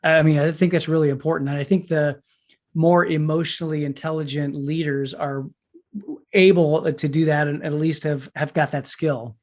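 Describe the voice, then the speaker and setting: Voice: medium pitch, flat delivery, normal speed, darkish tone. A podcast host who reflects on what the guest said and affirms it. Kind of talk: conversational interview.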